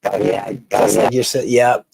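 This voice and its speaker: Halting Philly man on a live stream. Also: fairly low pitch, little pitch movement, gravelly, a little mellow, breathy edge, no echo. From Philadelphia. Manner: rambling, halting, with many restarts and laughs. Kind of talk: casual live-stream chat reading comments.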